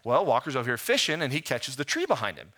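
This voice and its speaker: A man in his thirties delivers a sermon in a bright, forward voice. He preaches with rhetorical questions and tells stories in a lively way. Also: medium pitch, quick pace. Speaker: pastor.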